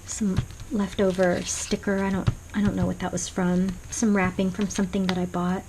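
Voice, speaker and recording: A woman's voice: medium pitch, flat delivery, normal speed. Female craft vlogger, casual and meandering, mid-range voice, home desk recording with slight background noise. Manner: rambling and soft-spoken, many ums and restarts. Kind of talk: casual show-and-tell flip-through.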